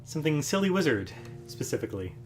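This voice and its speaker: A man hosting a music livestream from home, casually explaining a song between numbers, relaxed and rambling with fillers. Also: on the high side, fast. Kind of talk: casual chat between songs. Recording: guitar playing loudly behind.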